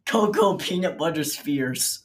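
Casual quiz asker, relaxed, hesitant, mid pitch. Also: unhurried. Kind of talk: casual game chat.

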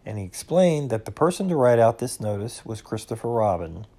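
A man reading a children's storybook aloud, slow and expressive. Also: mid-range voice. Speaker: reader.

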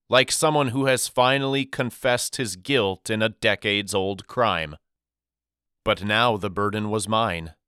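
A male audiobook narrator with a lowish, bright and crisp voice, reading in a measured, reflective way. His pace is unhurried and the recording is close and dry. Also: no room sound. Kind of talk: scripted narration.

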